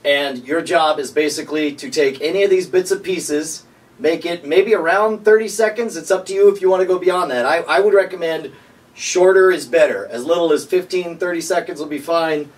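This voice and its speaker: A man chatting casually on set, relaxed and joking as he thinks aloud. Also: on the high side, moderate pace, far from the mic. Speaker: comedic performer. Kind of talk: casual behind-the-scenes chat.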